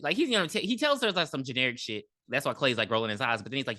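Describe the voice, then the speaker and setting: A low-voiced woman with a bright, lively delivery, recapping a movie on a podcast. She swears freely and slips into the characters' voices as she tells it. The sound is dry and close. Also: a little fast, dry recording. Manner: animated, profane, acts out characters in quotes. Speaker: podcast co-host. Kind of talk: casual movie recap chat.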